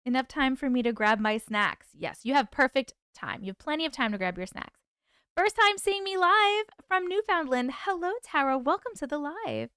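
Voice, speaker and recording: A woman's voice: high voice, animated, normal speed, a bit bright, dry recording, clean studio sound. A woman hosting a casual livestream chat, greeting viewers by name, reading their comments aloud and laughing often. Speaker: livestream host.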